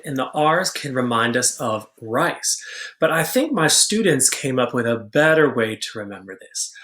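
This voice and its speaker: A man teaches a vocabulary lesson in an unhurried, deliberate way, drawing out each word. He is patient and clear, repeating terms so students can write them down. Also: medium pitch, a bit bright. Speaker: Spanish teacher. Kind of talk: classroom-style vocabulary lesson.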